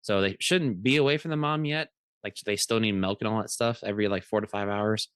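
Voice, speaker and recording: Low-voiced man telling a rambling story. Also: fairly quick, a bit bright, smooth, no echo. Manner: rambling, with many restarts and fillers; acts out other people's voices in his stories. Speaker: podcast co-host. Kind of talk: casual storytelling chat.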